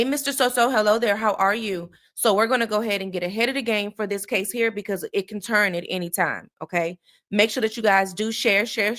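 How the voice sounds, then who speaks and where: A woman hosting a relaxed live stream about a true crime case, talking straight to her viewers. She is chatty and loose, greeting people by name mid-sentence. She often tags her points with a quick "okay?" or "all right?". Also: mid-range voice. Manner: conversational, checks in with frequent "okay?" tags. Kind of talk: casual live-stream commentary.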